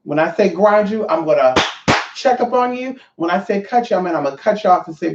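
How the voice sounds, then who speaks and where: A woman's voice: on the low side, expressive, fairly quick, noisy background. A woman vlogger talking to her viewers in a brash, profane, rambling rant. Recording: roomy, dull lo-fi sound.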